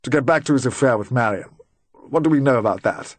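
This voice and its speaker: A man's voice: medium pitch, fairly quick, no echo, close to an everyday voice. Shrewd, probing male official with dry, leading questions, read by a man, plain close-miked voice, dry sound.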